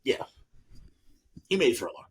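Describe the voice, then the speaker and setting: A young man co-hosting a podcast, chatting casually and telling stories loudly with lots of laughter. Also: unhurried, rough recording. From New York. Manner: loud animated storytelling, lots of laughing. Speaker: podcast co-host. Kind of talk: casual chat.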